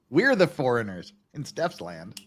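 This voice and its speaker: A man's voice: mid-range voice, slow pace, a little hiss or hum. A man hosting a casual livestream chat, telling stories in a joking way. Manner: joking, animated storytelling. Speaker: stream host.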